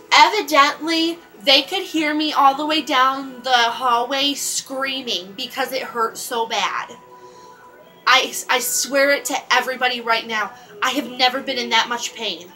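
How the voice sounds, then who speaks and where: A woman telling a personal story in a casual vlog, halting often and restarting her sentences with lots of fillers. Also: sits high, sharp tone, faint music behind, low-quality recording. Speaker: vlogger.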